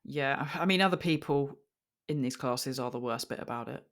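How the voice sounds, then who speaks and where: Low-voiced British woman, sweary and frank. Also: moderate pace. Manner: frank and sweary, with dry self-mocking humor. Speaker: podcast co-host. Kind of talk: casual chat.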